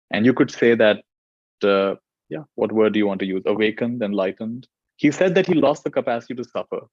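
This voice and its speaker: A man teaching meditation, telling a story in a gentle, unhurried way with frequent fillers. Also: medium pitch, dry recording, muffled recording. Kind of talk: storytelling dharma talk.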